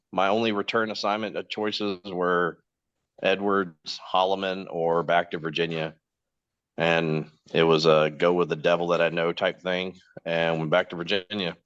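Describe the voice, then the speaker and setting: This podcast guest host, a man in his forties, has a very low, deep voice that comes across a bit bright. He rambles through anecdotes in casual chat, laughing often and mimicking other people's voices when quoting them. The audio is dull and lo-fi, dry and close with no room echo.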